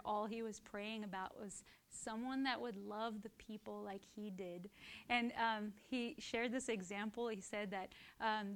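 A woman teaching from the Bible in a conversational way, often checking in with "right?" and getting lively and laughing as she tells stories. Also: medium pitch, clear, resonant tone. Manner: animated and laughing while telling stories.

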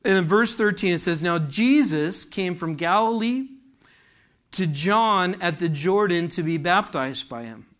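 A man's voice: sits high, expressive, unhurried, a bit bright. A man preaching a sermon to a congregation in a church, fervent and asking the room questions. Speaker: pastor.

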